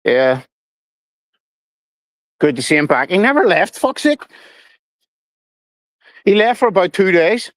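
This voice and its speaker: A man's voice: high-pitched, sing-song, slow pace, pauses often, a bit bright, no room sound, poor audio. Middle-aged male streamer, sweary and rambling, dry close mic. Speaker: livestream host. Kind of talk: casual livestream chat.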